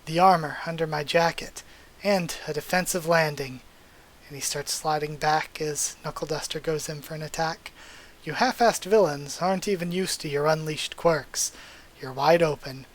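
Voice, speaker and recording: A manga reader voicing a blunt, rough older male vigilante brawler. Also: medium pitch, moderate pace, lightly acted. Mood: gruff. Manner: blunt, rough, self-assured.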